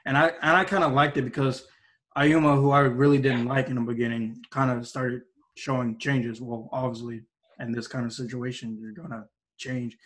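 A man's voice: medium pitch, little pitch movement, moderate pace, fairly bright tone. A man casually reviewing anime episodes with a co-host, rambling and restarting his sentences often. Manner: rambling, hesitant, many restarts and fillers.

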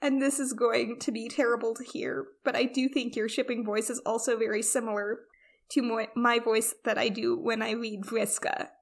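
A woman's voice: a little high, flat delivery, normal speed. A woman co-hosting a casual chat, rambling and self-deprecating, with frequent restarts. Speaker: podcast co-host.

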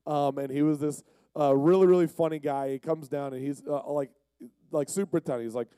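A man's voice: fairly high pitch, steady tone, a little fast, mellow, clear, resonant tone, no room sound. A man from Pennsylvania giving a casual, jokey, rambling storytelling sermon. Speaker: youth speaker.

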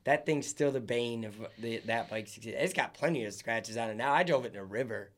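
A man's voice: medium pitch, fairly quick, fairly bright tone. A young man co-hosting a podcast, telling stories bluntly with plenty of swearing and laughter. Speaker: podcast co-host. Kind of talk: casual chat.

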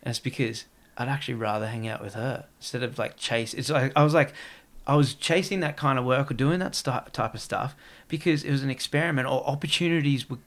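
Gravelly man rambling. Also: mid-range voice, brisk, hardly any pauses. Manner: rambling, heavy use of "like". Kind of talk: casual podcast chat.

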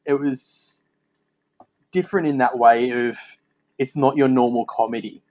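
A man's voice: mid-range voice, fairly even intonation, measured pace, darkish tone, poor audio. A man hosting a casual podcast interview, chatting candidly and swearing and laughing freely. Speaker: podcast host.

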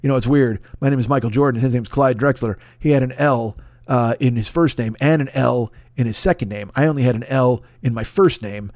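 A man's voice: medium pitch, brisk, darkish tone, dry recording, clean studio sound, pitched below the performer's own voice, close to an everyday voice. A man putting on a cocky, petty male basketball star who boasts with profanity. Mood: boastful.

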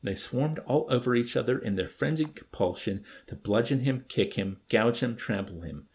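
Brief: male audiobook narrator, lively delivery, gravelly texture. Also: mid-range voice, normal speed. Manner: expressive, dry storytelling. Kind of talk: audiobook reading.

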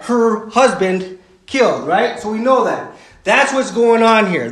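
A man's voice: high-pitched, fairly bright tone, echoey room, low-quality recording. A man preaching a sermon in a conversational way, full of fillers and "right?" asides. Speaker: pastor.

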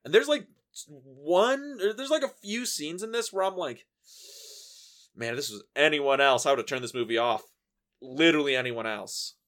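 Animated, rambling male podcast host. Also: on the high side, moderate pace. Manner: animated, rambling, swears, filler-heavy. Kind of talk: casual film discussion.

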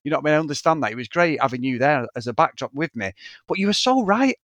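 Animated man, lively storytelling. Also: fairly high pitch, fast talker, dry recording. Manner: animated storyteller, swears freely, acts out quoted people. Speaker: podcast co-host. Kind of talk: casual film podcast chat.

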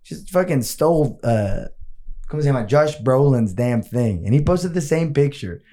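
A man's voice: medium pitch, expressive, moderate pace, mellow. A man co-hosting a podcast in casual chat, swearing often and slipping between English and Spanish. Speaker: podcast co-host.

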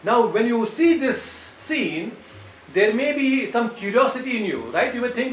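A man's voice: extremely high pitch, expressive, normal speed, fairly bright tone, soft background music. A man giving a devotional lecture, explaining patiently and often checking in with his listeners. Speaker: preacher. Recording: echoey room with faint ambience.

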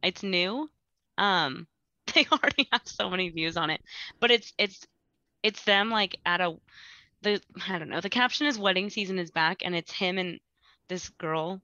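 Rambling woman guest, bright voice. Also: on the low side, expressive, moderate pace, no echo, highs cut off. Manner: rambling, full of "like". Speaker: podcast guest. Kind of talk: casual chat.

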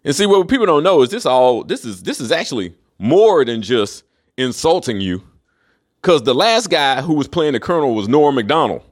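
A man's voice: mid-range voice, big pitch swings, moderate pace. A man hosting a solo podcast, ranting in a casual, profane and emphatic way. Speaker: podcast host.

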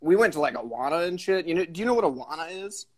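High-voiced host guy laughing n swearing, bouncy voice. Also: lively intonation, fast talker, a little mellow, poor audio. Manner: laughing, swearing, eager agreement. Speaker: podcast co-host. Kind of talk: casual comedic chat. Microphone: livestream call.

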